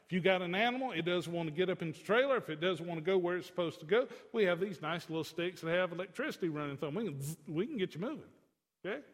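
High-voiced preacher man in reverberant church. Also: fairly bright tone. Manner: folksy, chatty asides to the congregation. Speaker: pastor. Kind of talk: conversational sermon. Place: church sanctuary.

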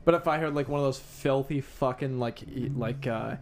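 A man's voice: mid-range voice, normal speed, slight background noise. A young man co-hosting a podcast, ranting bluntly and profanely in casual banter. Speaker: podcast co-host.

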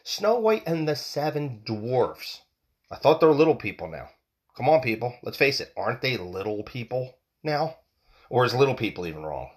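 Man, solo podcast host, heated rant, swears a lot, stumbles and repeats words, pitch swinging widely up and down. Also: big pitch swings, normal speed.

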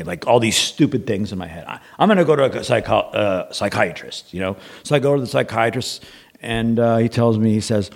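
A man's voice: mid-range voice, creaky. A man guest on a podcast, telling a long story in a rambling, casual way, acting out what people said and swearing freely.

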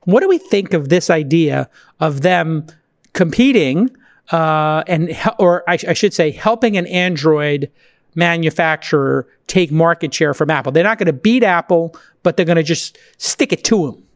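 A man hosting a podcast, talking in an energetic, emphatic way with sudden jumps in pitch, reading an ad and chatting casually. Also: normal speed, dry recording, studio quality. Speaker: podcast host. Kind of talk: casual podcast chat and host-read ad.

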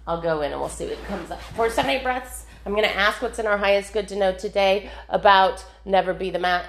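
A woman's voice: mid-range voice, fairly bright tone, echoey room. A woman talking casually through her meditation practice, chatty and rambling, with frequent laughs and fillers. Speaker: spiritual practice vlogger. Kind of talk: casual spoken meditation walkthrough.

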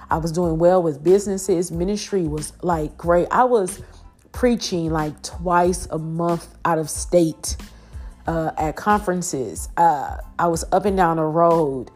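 Low-voiced woman giving a frank testimony. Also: a little mellow. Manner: earnest, frank, many fillers and restarts. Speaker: podcast host and preacher. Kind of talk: candid faith testimony.

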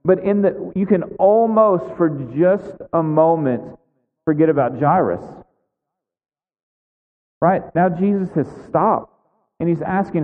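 A man's voice: high-pitched, measured pace. A man preaching a sermon who acts out the voices of the people in the story as he retells it. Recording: phone-like sound with a long hall echo.

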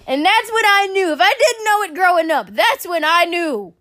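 A young woman co-hosting a casual podcast, telling stories in an animated, profane, dramatic way. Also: extremely high pitch, moderate pace. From Caribbean family. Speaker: podcast co-host. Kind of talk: casual storytelling chat.

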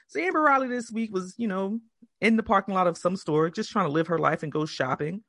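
Woman cohosting a podcast, loud swearing storyteller, dry close sound. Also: mid-range voice, a little fast, gravelly, no room sound. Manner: profane, animated storytelling with put-on quotes. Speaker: podcast co-host. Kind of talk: casual chat.

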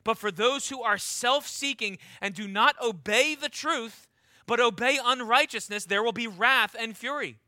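A man's voice: very high voice, normal speed, bright, forceful tone, no echo. A man preaching a sermon. He reads scripture aloud and drags out the key words for emphasis.

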